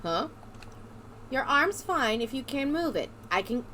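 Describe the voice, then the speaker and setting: A woman's voice: high-pitched, big pitch swings, pushed and bright, slight background noise, full character voice. A woman voicing a nervous, apologetic young woman in a game. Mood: defiant. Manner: nervous, hurried.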